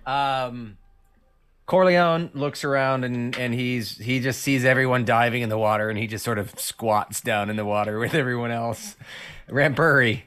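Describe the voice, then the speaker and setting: A man narrating as game master of a tabletop role-playing game, laid-back and halting. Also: medium pitch, fairly bright tone. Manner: laid-back, hesitant with ums and restarts.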